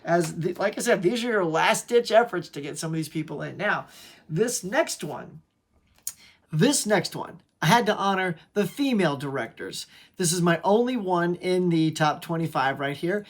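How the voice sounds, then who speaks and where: A man's voice: high voice, lively intonation, normal speed. A man chatting casually to camera in an enthusiastic, rambling way, often restarting his sentences. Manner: enthusiastic, rambling, self-interrupting. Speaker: movie collector vlogger.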